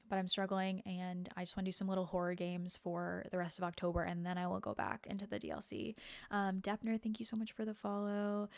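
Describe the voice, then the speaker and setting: A woman's voice: medium pitch, creaky, dry recording, clean studio sound. A woman variety streamer chatting casually with viewers over a game, thanking them and rambling in asides. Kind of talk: casual live-stream chat over gameplay.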